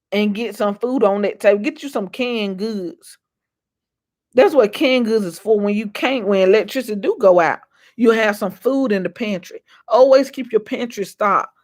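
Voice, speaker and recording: A woman vlogger giving a faith-based motivational talk, preachy and repetitive, folksy and calling out to her viewers. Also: on the high side. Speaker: inspirational vlogger.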